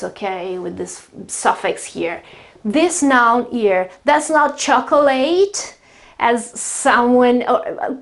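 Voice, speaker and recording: Woman, Italian accent, English teacher, explanatory, repeats words, fairly high voice. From Italy. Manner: explanatory, repeats words slowly, many fillers. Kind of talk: pronunciation lesson.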